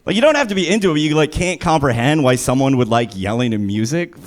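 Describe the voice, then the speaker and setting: A man performing live stand-up comedy, animated and prone to sudden loud shouts. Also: medium pitch, fast.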